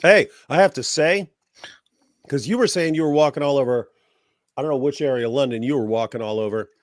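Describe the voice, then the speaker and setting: An American guest with a cold talks fairly quickly in a loose, sarcastic chat, mocking as he goes. His voice sits at an ordinary middle pitch, and the recording is dry and close with no room around it.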